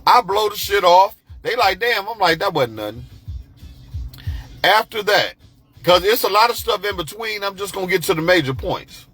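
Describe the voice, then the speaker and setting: Animated, profane storyteller, high bright voice. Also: male voice, moderate pace, breathy edge, faint music behind. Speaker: podcast host telling a personal story. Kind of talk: casual storytelling monologue.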